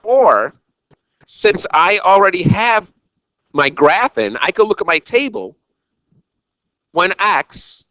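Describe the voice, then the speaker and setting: A man's voice: sits high, very animated, slow pace, pauses often, pushed and bright, no echo, rough recording. A man teaching a recorded algebra lesson, talking straight to his students in an exuberant, jokey, self-mocking way. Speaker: math teacher.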